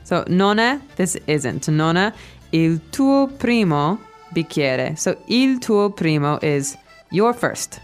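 A woman hosting a language lesson podcast, explaining phrases slowly and repeating them. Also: lowish voice, sing-song, faint music behind.

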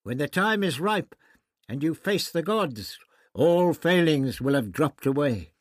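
A man reading an audiobook voices a scheming, sneering high priest with a husky, dry, drawn-out delivery. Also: lively intonation, no room sound. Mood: grandiose. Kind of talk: audiobook character voice.

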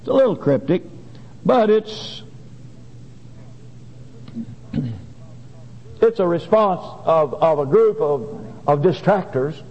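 A man preaching a sermon and reading scripture in a folksy, halting way with many restarts. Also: a little high, lively intonation, darkish tone. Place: church. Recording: dull lo-fi church recording with long reverb.

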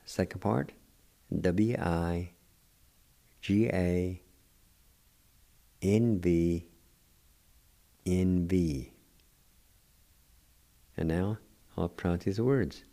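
An older man hosting a radio language lesson, spelling words letter by letter and repeating each pronunciation slowly. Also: sits low, vocal fry, dark tone. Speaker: radio host teaching language.

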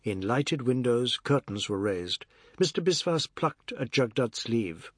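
Here a man narrates a novel for an audiobook, his mid-range voice steady and measured as he delivers scripted storytelling. The recording is dry and of studio quality.

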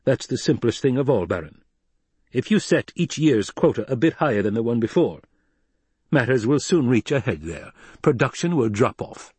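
A man's voice: mid-range voice, sing-song, normal speed, a little mellow, husky, dry recording, pitched above the performer's own voice. A man voicing an old male soldier spy and adviser, speaking in a clipped, insistent, lecturing way in a storybook reading.

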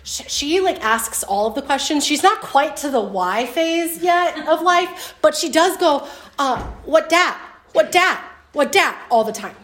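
A young woman leading a casual Bible lesson for a group, talking in a chatty way with lots of fillers and lively storytelling. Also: sits high, unhurried. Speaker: Bible study teacher. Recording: roomy echo.

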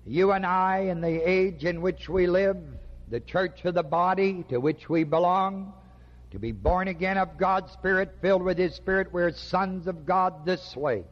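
Slow, emphatic preacher in echoing hall. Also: male voice, sits high. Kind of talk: sermon. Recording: dull lo-fi recording with long hall reverb.

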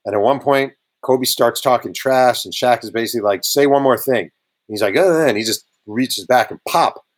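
A man's voice: mid-range voice, moderate pace. A man spinning locker-room anecdotes as a guest on an audio talk show. He talks casually and animates the stories by jumping into the voices of the people in them. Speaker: guest author. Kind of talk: casual storytelling interview.

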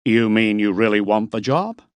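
Brief: brisk authoritative employer, read by a male narrator, clipped and suspicious. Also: fairly low pitch, big pitch swings, no echo.

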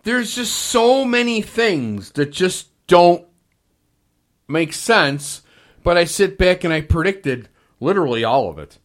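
A middle-aged man hosting a podcast, telling profane, animated stories and acting out the quotes in casual chat. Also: high voice, takes it slowly. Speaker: podcast host.

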